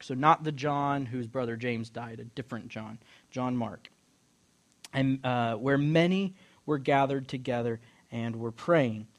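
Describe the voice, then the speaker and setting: A middle-aged man preaching a lively sermon, retelling a Bible story and acting out the characters in quick voices while joking with his listeners. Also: mid-range voice. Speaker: pastor or Bible teacher.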